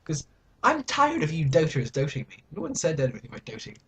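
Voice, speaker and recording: A man's voice: on the high side, wildly swooping pitch, a little fast. A young British man chats to his camera at home, his voice leaping up and down as he rambles and mocks himself in a playfully dramatic way. A faint hiss runs under his talk. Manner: rambling, self-mocking and mock-dramatic. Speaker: vlogger. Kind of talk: casual chat to camera.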